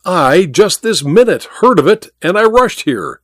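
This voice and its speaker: A man voicing an excitable, dapper male gentleman who bursts out in a storybook reading. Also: medium pitch, unhurried, dry recording, studio quality. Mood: excited.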